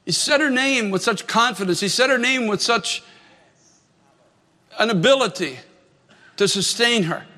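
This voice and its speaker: High, bright-voiced preacher man in a reverberant hall. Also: expressive, measured pace, pauses often. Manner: earnest storytelling preacher, repeating phrases for emphasis. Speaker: pastor. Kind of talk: sermon.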